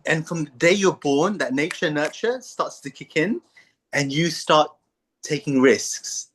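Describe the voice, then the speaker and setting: A man's voice: a little high, lively intonation, measured pace, fairly bright tone, a little hiss or hum. Playful man, talkative host. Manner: playful, acts out little voices in stories. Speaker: podcast host. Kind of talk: casual philosophical chat.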